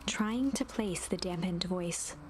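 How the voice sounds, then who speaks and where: Woman, whispered narration, soft breathy whisper, low, noticeable background hiss. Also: slow. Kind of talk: whispered narration of game text.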